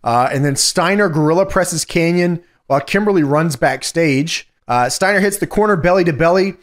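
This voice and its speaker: A man co-hosting a podcast, recapping a wrestling show in a casual, profane, excited play-by-play. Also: high voice. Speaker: podcast co-host.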